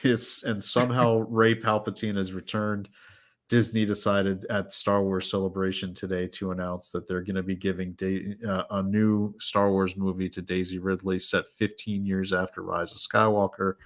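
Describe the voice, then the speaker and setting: A man's voice: deep voice, flat delivery, moderate pace. A man hosting a casual podcast chat, rambling and sarcastic, laughing often as he talks. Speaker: podcast host.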